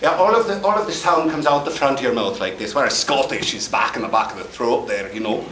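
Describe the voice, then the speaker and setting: A man teaching a voice-acting panel at a convention, animated and joking as he demonstrates sounds and takes questions from the audience. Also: medium pitch, fast talker. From Chicago. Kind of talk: lively panel talk with audience Q&A. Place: large convention panel room. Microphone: fan camera from the audience, far from the speaker. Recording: echoey hall recorded from far off.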